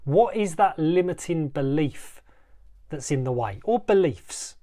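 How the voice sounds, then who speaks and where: A man's voice: on the high side, expressive, warm tone. Emphatic man hosting a motivational podcast. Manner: emphatic, repetitive, slows for dramatic effect. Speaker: life coach, podcast host.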